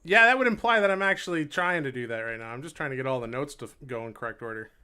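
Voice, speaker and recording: A man live-streams his instrument practice, talking rapid-fire in a sharp, clean, medium-pitched voice. He chats casually with viewers, rambling and often laughing at himself, counting beats aloud while he plays as a hurdy-gurdy drones faintly behind him.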